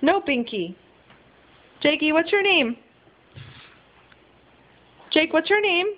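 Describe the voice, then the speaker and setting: High-voiced coaxing mother on home video. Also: expressive, slow. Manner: sing-song, drawn out, coaxing. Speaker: mother playing with her toddler. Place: at home, indoors. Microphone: home video camera. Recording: muffled home video with hiss.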